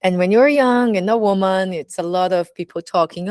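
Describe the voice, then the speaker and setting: A woman's voice: medium pitch, normal speed, darkish tone, clear, resonant tone, no room sound, clean studio sound. A woman with a Brazilian accent, a burlesque teacher speaking candidly in a casual personal monologue, full of "you know, like" fillers.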